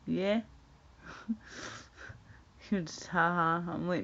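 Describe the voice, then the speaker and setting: A woman's voice: lowish voice, fairly even intonation, extremely slow, pauses often, a bit bright. A Scottish woman chatting casually with her stream viewers, swearing and laughing as she talks. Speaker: livestreamer. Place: at home. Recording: dull lo-fi stream audio.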